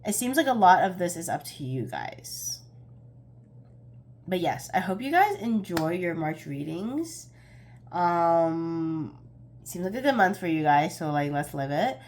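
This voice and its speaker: A woman's voice: fairly low pitch, big pitch swings, a little slow, darkish tone. A young woman giving a casual pick-a-card tarot reading, chatty and a bit scattered, often laughing at herself.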